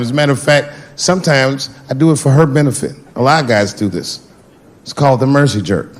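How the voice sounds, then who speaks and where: A man performing stand-up comedy, telling stories in an animated way with sudden shouted bursts. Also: mid-range voice, slight background noise.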